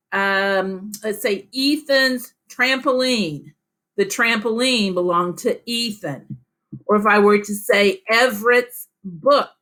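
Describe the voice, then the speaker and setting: Female teacher, slow patient delivery for young readers, encouraging tone, mid pitch. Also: fairly bright tone. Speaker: elementary school teacher. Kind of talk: reading lesson for young children.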